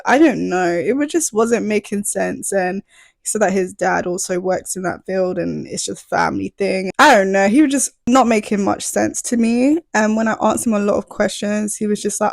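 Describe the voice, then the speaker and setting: Young woman, storytime vlogger, gravelly voice, dry close mic, acts out the dialogue. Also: mid-range voice, dry recording. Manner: animated retelling, acts out both sides of the dialogue. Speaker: YouTuber. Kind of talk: storytime vlog.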